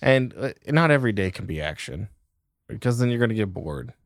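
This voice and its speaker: A wry, joking man in easy table talk. His pitch moves around a lot, and he says his jokes in a dry, offhand way. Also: sing-song, fairly quick, dry recording. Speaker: tabletop player. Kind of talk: casual banter at the game table.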